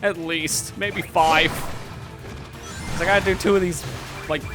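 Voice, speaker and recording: A man's voice: fairly high pitch, steady tone, slow. Joking male game streamer. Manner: joking, laughs often. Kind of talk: live gameplay commentary. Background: game music.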